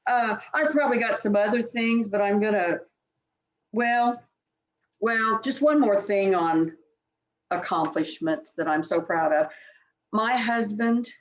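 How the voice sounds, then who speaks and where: An older woman talks back over a long career, heartfelt and meandering, often stopping to restart a sentence. Her voice sits at a middle pitch. The room around her rings with echo. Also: unhurried, long pauses. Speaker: senior sales director. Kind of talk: reminiscing conversation. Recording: echoey room.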